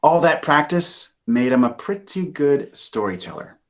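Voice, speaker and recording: A man's voice: a little high, a little slow. A man from Maine, a children's author, reading his picture book aloud over a video call in a chatty way. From Maine, USA. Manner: animated, chatty with many fillers.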